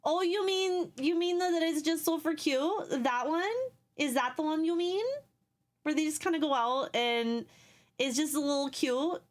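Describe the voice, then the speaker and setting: A woman's voice: high voice, measured pace, pitched above the performer's own voice. Brief: a woman putting on a sweet, chirpy Midwest caricature, sing-song and cutesy. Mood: cutesy teasing.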